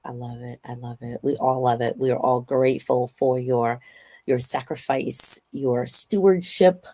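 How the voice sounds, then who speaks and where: Low-voiced woman hosting a chat. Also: gravelly. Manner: lively, playful storytelling. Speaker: host. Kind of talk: casual chat.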